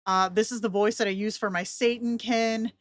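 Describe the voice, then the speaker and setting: A woman walking through a voice software tool in a casual, chatty way, with joking asides to herself. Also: fairly high pitch, fairly even intonation, moderate pace, no room sound, studio quality. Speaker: content creator.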